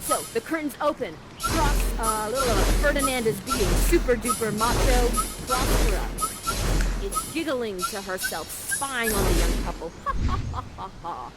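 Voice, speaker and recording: Here an immersive theater actor, a young woman, guides the audience as a live interactive narrator, sounding bubbly and casual with plenty of "like" thrown in. Her voice is a bit high, with lively intonation at a moderate pace. Loud music plays behind her, and the recording quality is rough.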